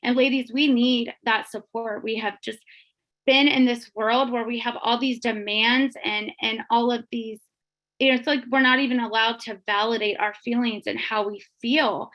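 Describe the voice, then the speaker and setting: A woman's voice: fairly high pitch, steady tone, moderate pace. A woman giving an earnest, emotional testimony on a group call. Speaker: guest sharing testimony. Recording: dull lo-fi call audio.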